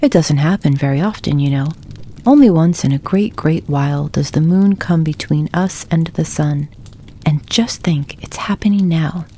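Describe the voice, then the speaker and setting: A woman voicing a calm, wise turtle in a storybook, explaining patiently. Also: sits low, moderate pace, slight background noise, natural voice. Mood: knowing.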